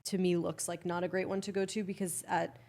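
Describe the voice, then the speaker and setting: A woman's voice: on the low side, level tone, brisk, darkish tone. Woman rambling thru a story on a podcast, lots of restarts, swears a bunch. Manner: swears freely. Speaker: guest. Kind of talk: casual podcast chat.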